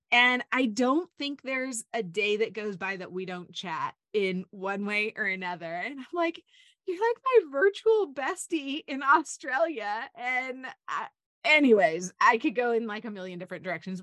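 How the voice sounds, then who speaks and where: Brief: middle-aged woman, podcast host, bright voice, dry close sound, chatty and eager. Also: medium pitch, no echo. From United States. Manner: chatty, rambling, enthusiastic. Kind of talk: upbeat faith-based podcast chat.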